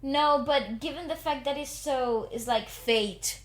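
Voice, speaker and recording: High-voiced, enthusiastic woman. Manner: enthusiastic, quick exclamations. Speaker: podcast co-host. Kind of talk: casual reaction podcast chat.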